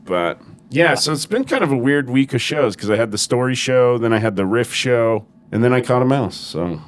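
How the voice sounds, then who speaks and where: A man's voice: medium pitch, expressive, moderate pace. A man, a comedian co-hosting a podcast, chatting in a laid-back, profane, self-deprecating way. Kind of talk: casual chat.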